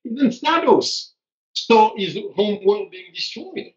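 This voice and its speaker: Blunt animated guy, high voice, muffled livestream audio. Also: slow. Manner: animated, blunt, acts out quotes. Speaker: strength coach guest. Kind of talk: casual conversation on a live stream. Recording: dull lo-fi live stream audio.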